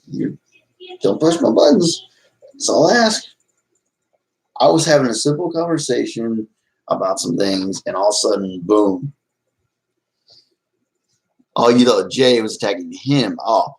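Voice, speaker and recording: A middle-aged man talks to his live-stream chat in a rambling, off-the-cuff way, full of restarts. His voice sits fairly low and has a gravelly, fried edge. He swings between worked-up venting and sheepish apology. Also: low-quality recording. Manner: rambling, agitated then apologetic, many restarts.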